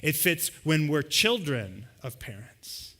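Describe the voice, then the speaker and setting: A man's voice: a little high, sing-song, slow pace, sharp tone. A man preaching a sermon as pastor to a live congregation, talking in a loose conversational way and acting out everyday scenes. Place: church service with a live congregation.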